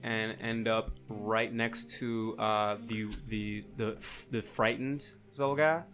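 A man's voice: on the low side, steady tone, slow, fairly bright tone, soft background music. A man playing a tabletop role-playing game, talking through his moves hesitantly with fillers and restarts. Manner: hesitant, with many fillers while deciding moves. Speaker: player. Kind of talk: casual tabletop game play.

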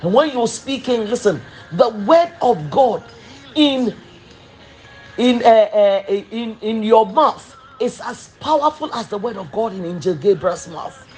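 A man preaching a sermon, slow and emphatic, repeating phrases for weight. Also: high-pitched, animated, darkish tone, faint music behind, poor audio.

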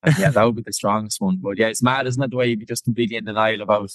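A young man with an Irish accent, chatting casually as a podcast guest over a video call, quick and full of fillers. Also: lowish voice, fairly even intonation, no room sound, poor audio. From Ireland. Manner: quick talker with many fillers. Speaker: guest, personal trainer.

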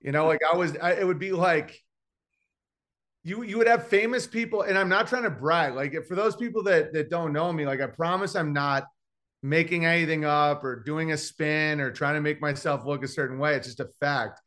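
A brash man spinning rambling stories on a podcast, full of "like" and "you know." His voice sits a little higher than most men's, and he talks as a guest comedian chatting loosely. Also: moderate pace, a bit bright. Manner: brash, rambling storyteller with many fillers. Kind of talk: casual podcast chat.

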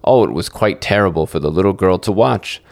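A man's voice: expressive, brisk, vocal fry, a little mellow, dry recording, clean studio sound. A man reading a fairy tale aloud as a storyteller, lifting his voice for the characters. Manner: acts out dialogue with lifted pitch.

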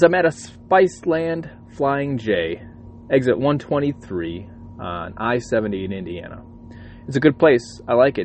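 A man's voice: medium pitch, a little hiss or hum. Profane ranting trucker man. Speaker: truck driver. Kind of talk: casual vlog monologue. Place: parked truck cab at a truck stop.

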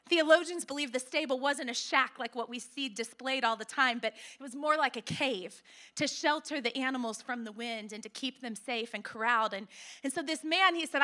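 A woman pastor in her thirties preaching a sermon, telling the story with animated, playful asides. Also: high-pitched, normal speed.

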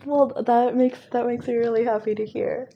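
A young woman speaking softly and reflectively, recounting a personal story in a conversation, with frequent pauses and fillers. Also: on the high side, fairly even intonation, gravelly, dull audio, slight background noise. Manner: soft-spoken, reflective, with many fillers. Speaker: guest.

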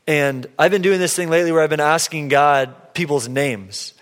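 A man preaching, telling a personal story with playful, lively quotes of himself and others. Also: fairly high pitch, normal speed. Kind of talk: sermon storytelling. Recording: long hall reverb.

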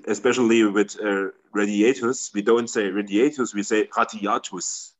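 Man, lowish voice, halting, searches for words, interview guest. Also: little pitch movement. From Germany. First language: German. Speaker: guest, metal band member. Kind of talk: casual interview answers.

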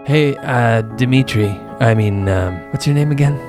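A man's voice: mid-range voice, moderate pace, loud music behind the voice. A man playing a barbarian in a tabletop game, cracking goofy jokes between turns. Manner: joking, goofy. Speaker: player. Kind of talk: casual tabletop game chat.

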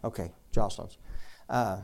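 A man preaching a sermon as pastor, urging the room with rhetorical questions and swinging between loud appeals and soft asides. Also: on the low side, moderate pace, vocal fry.

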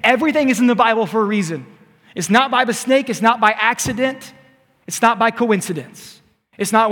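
A man preaching a sermon as a youth pastor, animated and playful, acting out scenes. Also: high-pitched, normal speed. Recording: long hall reverb.

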